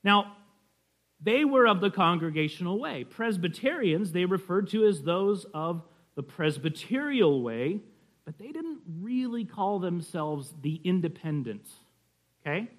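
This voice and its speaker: A man's voice: sits high, lively intonation, unhurried. A man teaching a class on church history in a conversational way, telling stories and often checking in with his listeners. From California.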